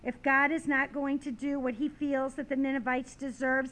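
A woman's voice: high voice, level tone, normal speed, a bit bright. A woman preaching a sermon, reading scripture and stories with dramatic rising and falling emphasis.

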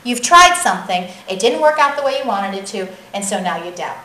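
A woman preaching a sermon in a lively, conversational way that often checks in with the audience. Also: mid-range voice, a little fast, echoey room, rough recording. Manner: animated, conversational, keeps asking the audience "right?".

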